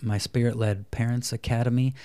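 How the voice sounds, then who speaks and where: A man in his thirties, a parenting coach, chatting in an interview and softly acting out talks between parents and children. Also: medium pitch, flat delivery, brisk. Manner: acts out parent and child dialogue in a soft voice. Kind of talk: casual interview chat.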